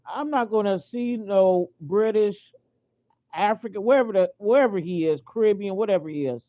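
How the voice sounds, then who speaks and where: A woman's voice: medium pitch, moderate pace. Indignant American woman ranting, tinny audio. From United States. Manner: indignant, repetitive, frequent restarts and fillers. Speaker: vlogger. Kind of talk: casual opinion rant.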